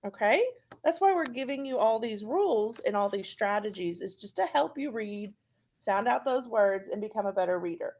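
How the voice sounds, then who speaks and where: A woman's voice: medium pitch, lively intonation, moderate pace, a little mellow. A woman with an Oklahoma accent teaching a phonics lesson, patiently repeating words for students to practice.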